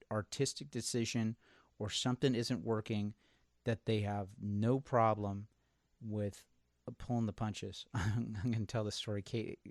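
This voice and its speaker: A man's voice: lowish voice, no room sound, studio quality. A man hosting a casual podcast chat, telling stories with energy and acting out the people he quotes. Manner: animated storyteller, acts out quotes. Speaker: podcast host.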